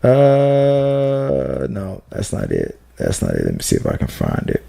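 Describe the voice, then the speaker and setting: A man co-hosting a movie podcast, talking casually in an animated, rambling way with lots of restarts and fillers. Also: low voice, a little slow, vocal fry. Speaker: podcast co-host.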